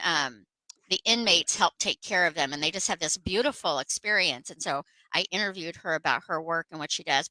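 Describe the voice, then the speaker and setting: Low bright-voiced woman host. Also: no echo, rough recording. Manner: rambling storyteller with many fillers. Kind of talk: casual chat.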